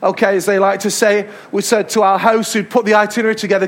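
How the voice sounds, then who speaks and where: An English man preaching from the pulpit with a high-pitched voice. He tells stories in a lively way and hammers home his points by repeating them. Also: fast, few pauses. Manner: storytelling, emphatic repetitions. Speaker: pastor. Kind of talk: sermon. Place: church hall.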